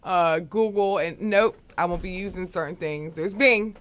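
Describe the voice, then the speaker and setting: A woman's voice: on the low side, moderate pace. A woman co-hosting a radio show, expressively chiming in during casual chat.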